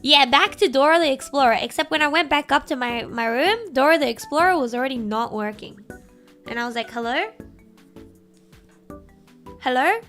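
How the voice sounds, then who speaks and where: Woman streamer, high bright voice, animated storyteller, soft music underneath. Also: moderate pace, long pauses. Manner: animated, laughs often, bursts into shouting impressions. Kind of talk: casual storytelling chat. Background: soft background music.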